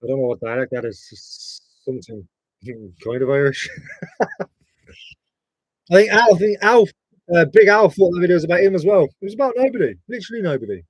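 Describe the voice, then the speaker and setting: Lively, husky man chatting. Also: high voice, a little fast, long pauses, no echo, low-quality recording. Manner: rambling, swearing banter with viewers. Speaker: reseller streamer. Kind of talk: casual live-stream chat.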